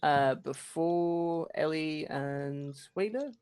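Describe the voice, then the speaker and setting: A man playing a tabletop game over a video call, talking fast and rambling. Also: on the high side, darkish tone, clean tone, dry recording. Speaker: player.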